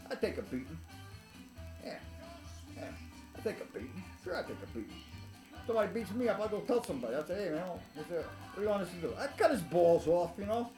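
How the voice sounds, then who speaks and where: A man with a high-pitched, sing-song voice tells rambling, blunt stories to the camera at a quick pace, swearing constantly and laughing at his own tales. Music plays in the background of the echoey room.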